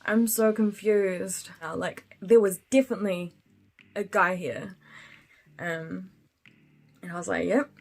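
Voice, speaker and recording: A woman's voice: mid-range voice, steady tone, slow pace, pauses often. A woman telling a spooky story in casual chat while doing her makeup, laughing often and using lots of fillers. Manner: chatty, laughs often, full of fillers and slang. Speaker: beauty vlogger.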